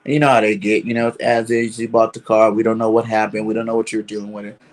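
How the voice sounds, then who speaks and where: A man's voice: lowish voice, flat delivery, quick pace. A man telling a long personal story in casual talk, constantly filling with "you know". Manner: rambling, fills with "you know". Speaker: caller.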